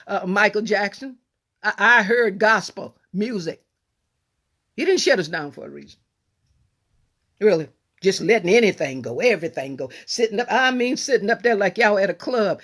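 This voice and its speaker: Woman, pastor, sermon, folksy, emphatic, soft asides, raised cries, mid-range voice. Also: medium pitch.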